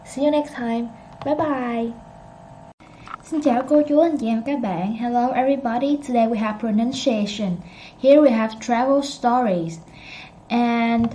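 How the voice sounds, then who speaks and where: Woman, English teacher, high and mellow, patient and repetitive. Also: poor audio. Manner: explains slowly and repeats, with self-corrections. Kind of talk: pronunciation lesson.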